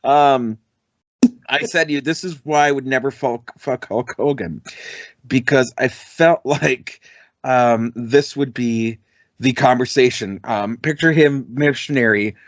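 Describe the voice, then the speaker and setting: A man's voice: mid-range voice, a little slow, no echo. A man co-hosting a podcast in crude, profane, casual banter, laughing often, on dull, dry lo-fi audio. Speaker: podcast co-host.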